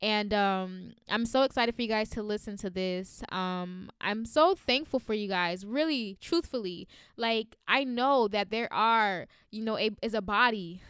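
A woman's voice: mid-range voice, a bit bright, clean tone, dry recording, clean studio sound. A young woman who has just been crying, hosting a podcast and talking earnestly about her faith, full of fillers and restarts. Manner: emotional, earnest, rambling, frequent fillers. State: recently crying. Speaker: podcast host. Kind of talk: heartfelt faith monologue.

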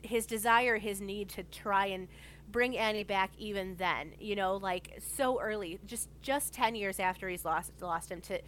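A woman's voice: mid-range voice, unhurried, a bit bright, slight background noise. A woman talking in a casual chat. She is enthusiastic and rambling, with lots of fillers and restarts as she builds her thoughts.

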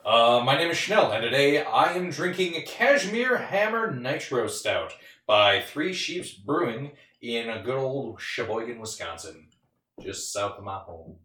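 A man's voice: medium pitch, very animated, a little slow, sharp tone. A man co-hosting a podcast in casual chat, telling a story in a joking, chatty way. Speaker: podcast co-host. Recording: roomy, distant mic.

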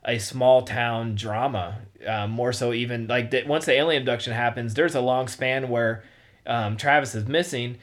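A man's voice: mid-range voice, fairly even intonation, normal speed. A man casually discussing a movie as a podcast host, rambling and restarting often. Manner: rambling, full of "you know" and restarts.

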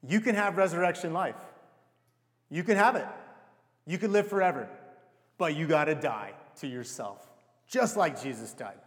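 Young man, pastor, chatty sermon, rhetorical questions, slightly high voice, long reverb. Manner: conversational and self-deprecating, with rhetorical questions.

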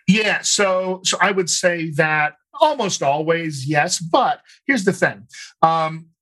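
Answering an interviewer, this actor and dialect coach talks in a fairly high, somewhat bright voice. He thinks things through aloud, explains at length, and keeps pausing on "you know" and rephrasing from the start.

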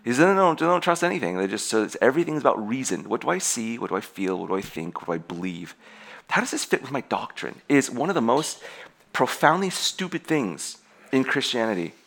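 A young adult man preaching a sermon to his congregation in an animated way, laughing often and restarting his sentences. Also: mid-range voice, fairly quick, creaky. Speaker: pastor.

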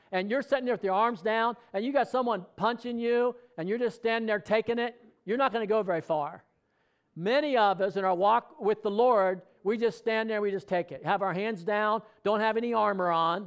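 A man's voice: high-pitched, smooth. A middle-aged man preaching a sermon in a conversational way, asking the congregation questions and speaking out example prayers. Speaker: pastor.

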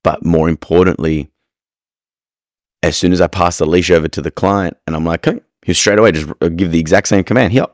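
A man's voice: low-pitched, steady tone, brisk, dry recording, clean studio sound. A man hosting a podcast, giving frank, rambling advice on dog training and restarting his sentences often. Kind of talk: casual advice monologue.

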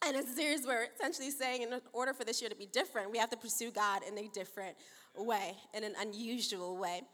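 A woman pastor in her thirties opens a sermon with church announcements and stories, playful and chatty, laughing often and acting out the dialogue. Her voice is on the high side, quick and a bit bright. The large church auditorium gives the recording a long, reverberant hall sound.

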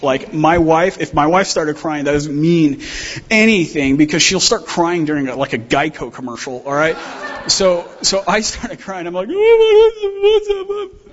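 A man gives a sermon as a missionary guest speaker. He tells stories in a loose, slangy, humorous way, and his voice sits a bit high. The recording sounds dull and lo-fi. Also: measured pace. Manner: casual, humorous storytelling with slang.

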